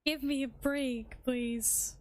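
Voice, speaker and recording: This streamer has a high, steady voice. While gaming she talks casually to chat and to her cat, hums small melodies in the gaps, and keeps dropping fast jokes at her own expense.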